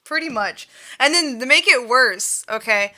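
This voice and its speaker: Bright-voiced woman streamer telling a story. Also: high voice, a little slow. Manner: animated, laughing, swearing, filler-heavy. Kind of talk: casual storytelling chat.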